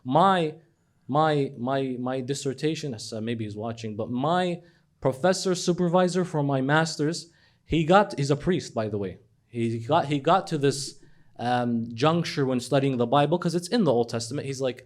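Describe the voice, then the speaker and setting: A man preaching a lively sermon, retelling stories with acted dialogue and swinging from hushed lows to animated highs. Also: normal speed. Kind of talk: religious sermon.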